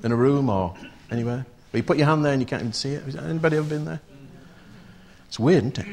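Husky man preaching a sermon. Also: on the high side, expressive, quick pace. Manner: conversational, asks the congregation rhetorical questions.

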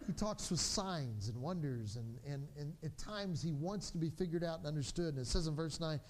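Animated male pastor, higher voice. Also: normal speed. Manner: animated storytelling, acting out his children's voices. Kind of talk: sermon.

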